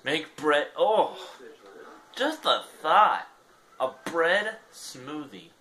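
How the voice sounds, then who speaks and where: A man's voice: a little high, lively intonation, very slow, pushed and bright, slight background noise. A young man giving casual gameplay commentary, rambling and self-deprecating. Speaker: gaming channel host.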